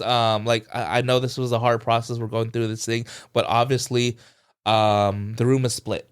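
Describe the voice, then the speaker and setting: A man co-hosting a casual podcast, retelling an experience with an easy, chatty flow. His pitch sits in a middle range, and he slips into acted-out quotes while piling up "like" as a filler. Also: normal speed, clear, resonant tone. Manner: animated retelling, acts out quoted voices, fillers like "like". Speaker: podcast co-host. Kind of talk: casual storytelling chat.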